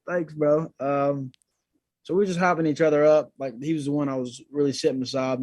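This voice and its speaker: A man's voice: fairly high pitch, steady tone, a little fast, a little mellow, no echo, poor audio. Laid-back young man, dry sound. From Georgia, USA. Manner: laid-back, slangy, talks to the host as "bro" and "dude". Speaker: guest, singer. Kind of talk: casual interview storytelling.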